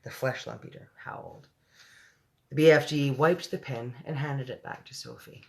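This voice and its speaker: A woman's voice: a bass voice, normal speed, vocal fry, darkish tone. A woman reading a children's book aloud, breaking off for chatty asides and laughing at her own slips. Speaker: storyteller.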